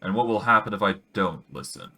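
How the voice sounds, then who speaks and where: Man doing an arrogant villain sorcerer, loud sneering game voice, low pitch. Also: lively intonation, a little fast, full character voice. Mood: haughty. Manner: insulting, haughty. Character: arrogant villainous skull-faced male sorcerer.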